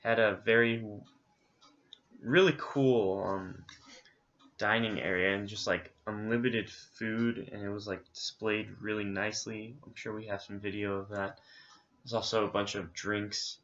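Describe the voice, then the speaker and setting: A man's voice: on the low side, steady tone, a little slow, fairly bright tone, lo-fi sound. A man co-hosting a casual travel recap, rambling along with many fillers. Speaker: co-host recapping a trip.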